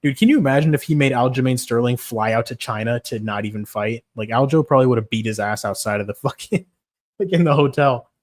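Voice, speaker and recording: A man's voice: medium pitch, quick pace. A man on a casual livestream, talking about fights in a blunt, rambling, profane way. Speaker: streamer.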